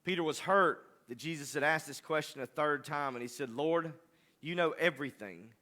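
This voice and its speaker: A man's voice: a little high, moderate pace, bright, forceful tone. A man preaching a sermon, rising to impassioned, emphatic delivery. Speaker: pastor.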